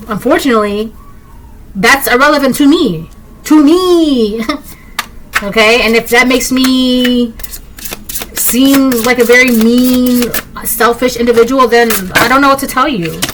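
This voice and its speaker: A woman's voice: fairly high pitch, fairly bright tone, slight background noise, low-quality recording. A woman giving a collective tarot reading, blunt and emphatic, repeating herself and talking straight to the viewer. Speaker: tarot reader.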